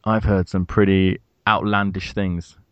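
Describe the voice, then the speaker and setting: Low-voiced joking man, dry close mic. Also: level tone, measured pace, smooth, dry recording, muffled recording. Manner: dry, joking, laughs often. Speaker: podcast co-host. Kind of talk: casual banter.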